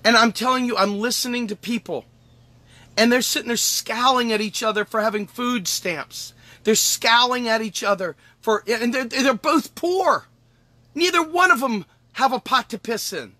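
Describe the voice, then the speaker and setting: A man's voice: extremely high pitch, moderate pace, pushed and bright, no room sound. Man, host, angry emphatic rant, profane, repeats himself, dry close sound. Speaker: podcast host. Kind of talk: impassioned political monologue.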